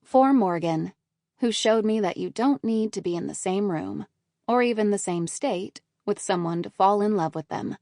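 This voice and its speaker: A woman's voice: mid-range voice, moderate pace, darkish tone, dry recording. Lady reading a rom-com audiobook, mid voice, super dry close mic. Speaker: audiobook narrator. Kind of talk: first-person audiobook narration. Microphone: close studio microphone.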